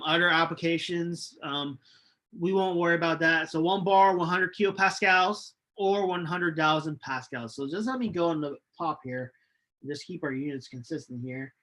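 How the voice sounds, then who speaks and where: Slow, bright-voiced man lecturing. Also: on the high side. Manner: unhurried, hesitant with many ums, self-correcting. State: losing his voice, coughing. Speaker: chemistry lecturer. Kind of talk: recorded online lecture.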